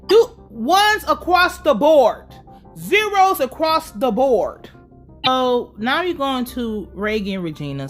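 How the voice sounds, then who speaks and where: A woman giving a sassy, animated, profane recap of a TV episode with mock outrage. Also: fairly high pitch. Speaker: TV recap reviewer.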